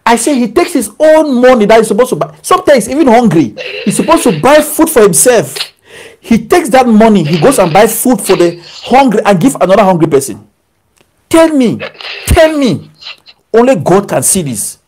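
A man's voice: extremely high pitch, very animated, moderate pace, darkish tone. A man preaching as a prophet, declaring prophecy to a caller with emphatic repetition and bursts of tongues.

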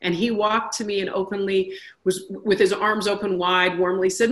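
A woman's voice: medium pitch, normal speed, a bit bright. A middle-aged woman from Canada giving a personal faith testimony, earnest and storytelling, with a few fillers. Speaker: reflection speaker.

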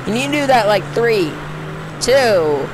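A gaming channel host giving casual gameplay commentary, excitable and easily frustrated, with loud outbursts and low muttering between them. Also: a little slow. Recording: racing game engine noise underneath. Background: car engine and race sounds from the game.

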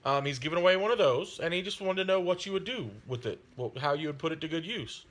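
A man's voice: fairly high pitch, animated, fast talker, a bit bright. A man hosting his hobby channel, chatting in a rambling, friendly way with many fillers. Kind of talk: casual chat.

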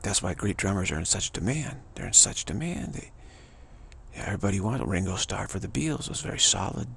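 In a loose, rambling talk to an audience, a man repeats himself and breaks off into drum-like scat asides. His low voice is creaky yet fairly bright, expressive and fairly quick, with slight background noise.

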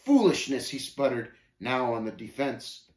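A man reading a story aloud, narrating with expressive storytelling. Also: mid-range voice, normal speed, reverberant. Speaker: reader.

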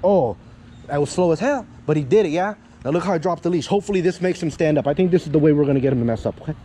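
A chatty male dog trainer coaching an owner outdoors. His voice sits a little high and sounds warm and mellow, with faint traffic in the background. He keeps checking in with "yeah?" and "okay?" and drops curses casually. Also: very fast, low-quality recording. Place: outdoors by a parking area with cars.

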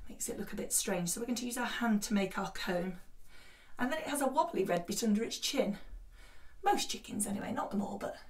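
A woman teaching a children's yoga class in a gentle, encouraging way. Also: on the high side, lively intonation, brisk. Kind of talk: guided kids' yoga class. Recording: echoey room, voice from a distance.

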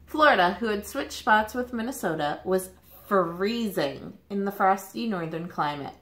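A woman reading a children's picture book aloud with animated, expressive storytelling, in the manner of a teacher. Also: mid-range voice, measured pace. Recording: roomy echo.

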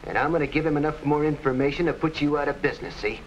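A man's voice: a little high, very fast, slight background noise, close to an everyday voice. A man playing a gloating, hard-boiled gangster boss in a 1940s radio drama, heard on a dull old recording. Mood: mocking. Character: scheming gangster boss Flat Top, grown man.

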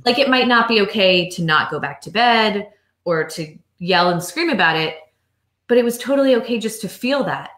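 A woman's voice: mid-range voice, normal speed, echoey room. Woman telling a family story animatedly. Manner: animated storyteller, acting out quotes. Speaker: author and mother, guest. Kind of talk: casual interview storytelling.

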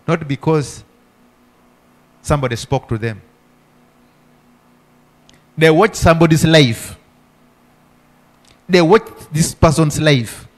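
A middle-aged male pastor preaching a sermon. He asks the congregation rhetorical questions and punctuates his points with repeated hallelujahs. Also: mid-range voice.

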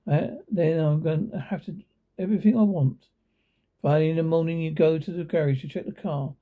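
A man's voice: fairly high pitch, steady tone, a little fast, mellow. A man reading a hard-boiled, second-person horror story aloud, now and then stumbling over his words.

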